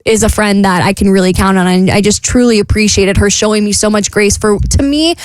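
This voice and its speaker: Fast-talking woman telling a story. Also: mid-range voice, steady tone, no room sound. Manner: fast, rambling storytelling with many "like"s. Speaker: radio show co-host. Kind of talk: casual chat.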